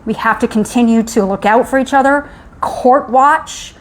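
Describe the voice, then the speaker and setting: A woman's voice: on the high side, moderate pace. A woman hosting a live stream, speaking in an urgent, rallying way about speaking up and sharing stories. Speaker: host. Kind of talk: live-stream advocacy talk.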